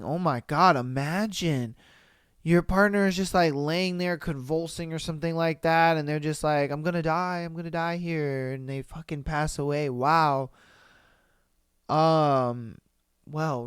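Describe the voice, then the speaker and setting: Profane, animated male podcast host. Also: a little high, clean tone, no room sound, clean studio sound. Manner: profane, animated, reacts loudly, laughs often. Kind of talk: casual solo commentary on reader posts.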